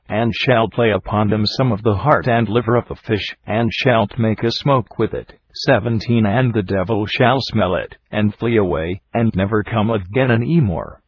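A man reading scripture aloud in a steady, measured way, calling out each verse number. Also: on the low side. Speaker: scripture reader. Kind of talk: audiobook Bible reading. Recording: dull lo-fi recording with faint hiss.

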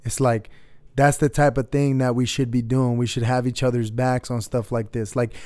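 A man's voice: mid-range voice, little pitch movement, moderate pace, darkish tone, dry recording, clean studio sound. A man hosting a podcast, talking in a laid-back, conversational way. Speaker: podcast host. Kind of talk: casual podcast chat.

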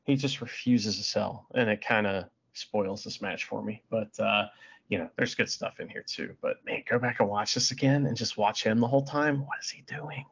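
A man's voice: on the low side, moderate pace, creaky, fairly bright tone, breathy edge, dull audio. A man co-hosting a podcast, rambling with many fillers and plenty of enthusiasm. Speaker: podcast co-host. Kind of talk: casual chat.

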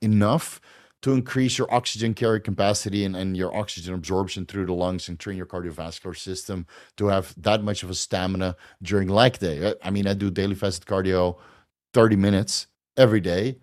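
A man's voice: low-pitched, fairly even intonation, a little fast, darkish tone. A man hosting a viewer Q&A, talking bluntly and rambling, with frequent fillers, restarts and swearing. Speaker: host answering viewer questions. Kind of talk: casual Q&A monologue.

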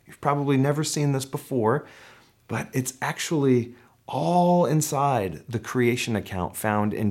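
A man's voice: medium pitch, darkish tone. Conversational male pastor preaching. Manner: conversational preaching with fillers and restarts, reads scripture slowly. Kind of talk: sermon.

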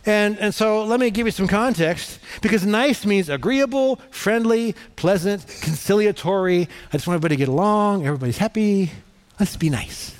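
A middle-aged male pastor preaching a sermon in a conversational, animated storytelling manner. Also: high-pitched, a little fast, hardly any pauses.

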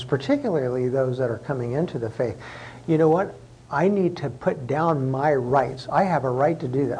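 A male pastor delivers a sermon in a conversational manner, asking rhetorical questions and doubling back on his words. His voice is mellow and warm, pitched somewhat high. A faint hiss runs underneath. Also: low-quality recording.

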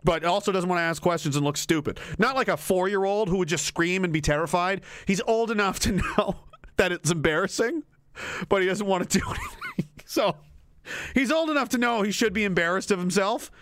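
A man's voice: high-pitched, big pitch swings, fairly quick, a bit bright. A man streaming live, rambling, giggling and swearing in a casual comedic rant.

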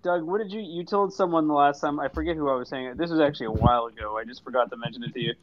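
A man's voice: fairly high pitch, rapid-fire, muffled recording, slight background noise. A man co-hosting a casual podcast, rambling through stories and opinions with restarts. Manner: rambling, laughs while telling stories. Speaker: podcast co-host. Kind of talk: casual chat and storytelling.

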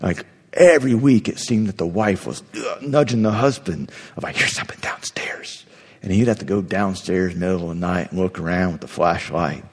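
A man, a pastor, preaching a sermon in a conversational, lively way, acting out inner voices as he goes. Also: low voice, a little fast, breathy edge, big-room sound.

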